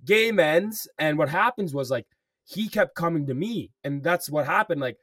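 A man's voice: a little high, expressive, normal speed, fairly bright tone, dry recording, clean studio sound, distant mic. A young man co-hosting a podcast, telling a story in casual chat, swearing often and filling with "like" and "bro". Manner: swears a lot, says "bro" and "like" constantly. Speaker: podcast co-host.

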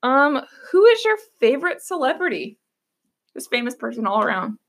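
A woman's voice: high-pitched, very animated, normal speed, gravelly, a bit bright. A young woman in casual chat, asking questions and agreeing often. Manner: agreeable, lots of "yeah" and "like".

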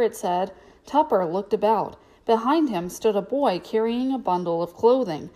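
Woman reading a kids storybook out loud, steady storytelling. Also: mid-range voice, normal speed. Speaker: narrator. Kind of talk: reading a children's storybook aloud.

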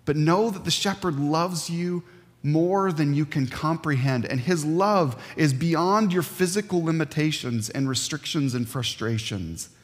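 Earnest preacher man in reverberant hall. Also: fairly high pitch. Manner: earnest, emphatic, with dramatic pauses. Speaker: pastor. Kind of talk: sermon.

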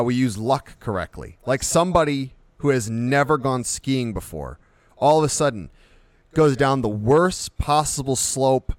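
Man, co-host, casual podcast talk, rambling comic examples, mid pitch, dry close sound. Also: dry recording. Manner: rambling storyteller, builds vivid comic examples. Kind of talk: casual unscripted chat.

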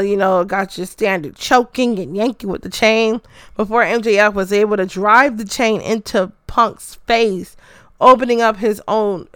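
Woman, casual recapper. Excitable and profane, lots of "uh", resonant tone, close dry bedroom mic. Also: mid-range voice, smooth, dry recording. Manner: excitable, heavy swearing, filler "uh". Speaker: wrestling show recapper.

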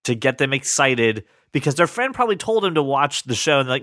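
A man's voice: mid-range voice, big pitch swings, fairly quick, a bit bright, dry recording, clean studio sound. A man hosting a podcast in casual chat, playful, with frequent stammering restarts. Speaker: podcast host.

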